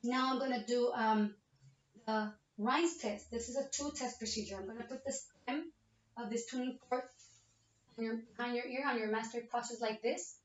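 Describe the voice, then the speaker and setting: In this narrated physical exam demonstration, a nursing student talks her patient through each step, asking "okay?" over and over. Her pitch is fairly high and her pace moderate. Because a laptop webcam picked it up, the audio is distant, roomy and muffled.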